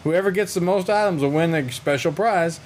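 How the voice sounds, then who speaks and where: A man casually retelling a comic book story on a podcast, animated and quick to slip into character voices. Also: high voice, a little hiss or hum. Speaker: podcast co-host.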